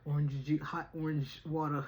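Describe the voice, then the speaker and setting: Speaking low and a bit slowly with a darkish, animated tone, this vlogger chats playfully from her home. The casual video is captured on camera, and she laughs a lot.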